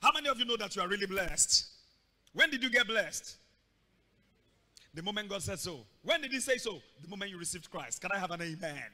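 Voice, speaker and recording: Male pastor, high bright voice, theatrical sermon delivery with shouted bursts. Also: expressive, quick pace, few pauses. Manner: dramatic, acting out scenes with shouts and sudden loud bursts. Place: church hall. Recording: long reverb of a large hall.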